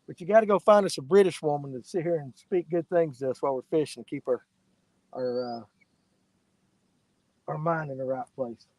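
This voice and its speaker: A man chats and teases his buddy while fishing on a lake. His voice sits a bit high, and he talks in an easy, drawling banter. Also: normal speed, long pauses, darkish tone, no echo, poor audio. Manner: joking, drawling banter with a friend. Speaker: fishing video host. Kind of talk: casual chat while fishing. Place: outdoors on a boat on a lake.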